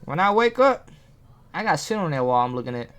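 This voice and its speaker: Host of a self-improvement vlog: a man who talks straight to camera in street slang, hyped up, voice swinging high and low. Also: sing-song, brisk, fairly bright tone, clean tone, highs cut off. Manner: hyped, street-slang delivery with big pitch jumps; talks straight to viewers, asking questions. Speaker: motivational vlogger. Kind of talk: casual motivational talk.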